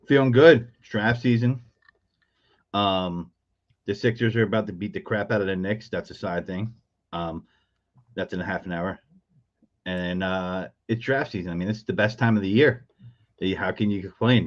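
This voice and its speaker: A man's voice: lowish voice, normal speed. A man joining a sports podcast as a guest, chatting casually and joking with many ums. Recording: dull lo-fi remote call audio.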